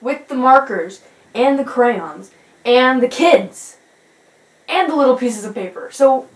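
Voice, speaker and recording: A young woman vlogger casually telling childhood stories to the camera, acting out quoted lines in a high voice. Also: measured pace. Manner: animated, acts out quoted voices in a high pitch. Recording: echoey room with faint music.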